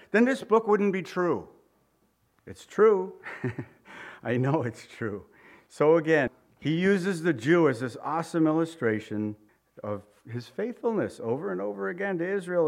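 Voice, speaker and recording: A middle-aged man preaching a verse-by-verse sermon in an earnest, emphatic way, with personal asides. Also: fairly high pitch. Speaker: pastor.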